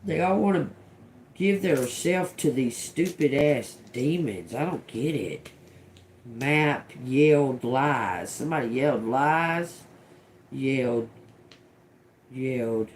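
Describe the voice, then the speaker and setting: A middle-aged woman streams a channeled tarot reading in a slow, unhurried way. She swears freely, giggles to herself and drifts between muttered single words and rambling asides. A faint background hum sits under her voice. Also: rumbling low, darkish tone. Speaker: tarot reader on a livestream. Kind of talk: casual live channeled reading.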